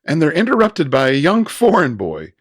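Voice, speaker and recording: A man in his thirties co-hosting a casual film review chat, recapping scenes with quick asides and frequent laughs. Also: fairly high pitch, huge pitch swings, slightly rough, no echo, clean studio sound. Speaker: podcast co-host.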